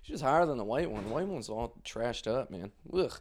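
A young man, a comedian, telling stories in a loose, profane monologue, laughing often and swinging his pitch widely. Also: sing-song, brisk. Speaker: comedian podcast host. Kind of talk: casual storytelling monologue.

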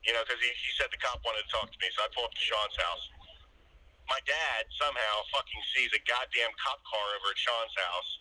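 A man's voice: medium pitch, fairly quick, pushed and bright, dry recording, rough recording. A man in casual chat, telling a rambling, profane story and acting out what others said. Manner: rambling, profane, acts out quoted voices.

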